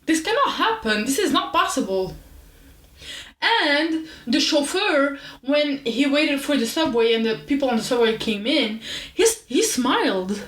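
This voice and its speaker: A woman's voice: high voice, a little slow, echoey room. Chatty young woman telling a story. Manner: chatty, animated, self-deprecating. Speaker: podcast host. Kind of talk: casual storytelling.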